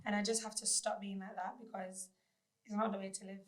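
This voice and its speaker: A woman's voice: medium pitch, a little fast. A young woman, a mother, talking candidly and reflectively in a casual podcast chat. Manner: candid, reflective, flat-toned. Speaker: podcast guest.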